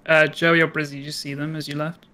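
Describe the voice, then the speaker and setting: A man's voice: on the high side, level tone, quick pace, bright, forceful tone. A man asking questions and explaining his moves to friends in game voice chat. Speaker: game player. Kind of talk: casual group chat during a game.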